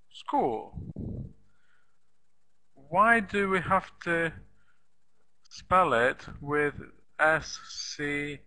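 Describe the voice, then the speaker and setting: A man teaching an elementary English lesson online, speaking slowly and patiently, repeating words and spelling them out letter by letter. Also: on the high side, bright, forceful tone, poor audio.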